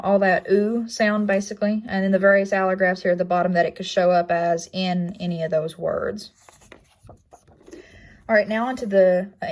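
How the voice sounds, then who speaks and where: A young woman walks through a class project presentation in an even, level tone with little rise or fall. Her voice sits a little low for a woman, and she leans on frequent ums and uhs as she goes. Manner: plain, with frequent um and uh fillers. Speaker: student presenter.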